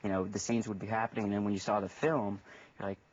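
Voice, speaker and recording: A man from Ireland chatting casually as an interview guest, relaxed and rambling with many restarts. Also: lowish voice, quick pace, recorded from a distance. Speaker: actor guest. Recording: dull lo-fi recording.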